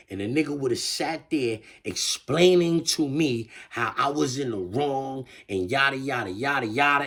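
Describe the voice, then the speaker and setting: Animated man ranting in slangy commentary. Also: mid-range voice. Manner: animated, stammering restarts, slangy. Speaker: online commentator. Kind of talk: casual commentary rant.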